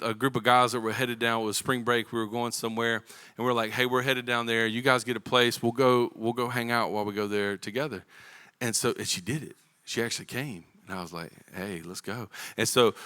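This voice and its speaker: A man's voice: mid-range voice, bright, forceful tone, clean tone. A man in his thirties preaching a sermon as a pastor, telling a personal story in a casual, conversational way before reading scripture. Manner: casual storytelling with Southern-inflected slang. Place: church auditorium.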